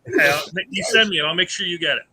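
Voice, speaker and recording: A man's voice: sits high, fast, pushed and bright, husky, low-quality recording. A man who designs indie games chats eagerly in a convention panel, rambling with many restarts. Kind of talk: casual convention panel chat.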